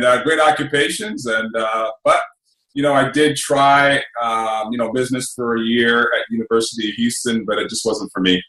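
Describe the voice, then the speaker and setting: A middle-aged man with a bright, forceful voice talks in a loose, rambling way, dropping fillers and asking "right?" as he goes. The room around him rings with echo. His pitch sits at an ordinary middle height. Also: moderate pace. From England. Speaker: radio host guest. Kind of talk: casual interview.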